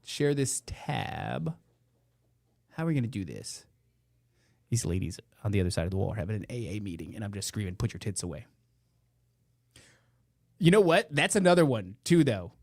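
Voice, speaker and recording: A man's voice: lowish voice, big pitch swings, brisk, creaky, darkish tone, no room sound, clean studio sound. Profane sarcastic man hosting a podcast. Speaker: podcast host. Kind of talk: casual live podcast chat. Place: indoor room beside a meeting room. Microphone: headphones and close studio mic.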